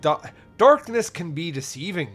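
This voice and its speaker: A man putting on a rough Irish accent to voice an impatient male police detective while retelling a film scene. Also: a little high, sing-song, moderate pace, fairly bright tone, faint music behind, pitched above the performer's own voice. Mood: dismissive. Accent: Irish, put on badly.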